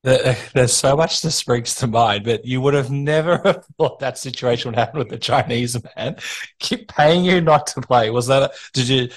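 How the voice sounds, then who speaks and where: Male podcast host, mid-pitched, upbeat, affirming interviewer who laughs a lot. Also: moderate pace. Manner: enthusiastic, laughs and affirms often. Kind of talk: casual interview.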